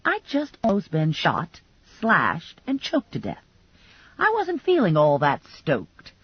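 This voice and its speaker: Female narrator, husky, dry close mic with dull lo-fi sound; wry, lively comic storytelling. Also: lowish voice, slow pace, no echo. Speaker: audiobook narrator. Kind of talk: first-person audiobook narration.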